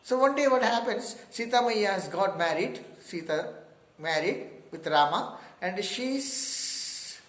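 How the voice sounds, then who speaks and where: A man's voice: high-pitched, animated, unhurried, a bit bright. A man with an Indian accent giving a spiritual talk and telling a story, checking in with listeners with little "huh?" asides. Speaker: meditation teacher. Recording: echoey room.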